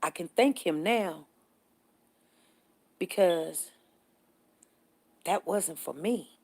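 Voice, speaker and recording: A middle-aged woman hosting a casual morning live stream, chatting with viewers, greeting them by name and telling stories in an animated way. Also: on the low side, very slow, vocal fry, husky. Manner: animated storytelling, voices others in the story.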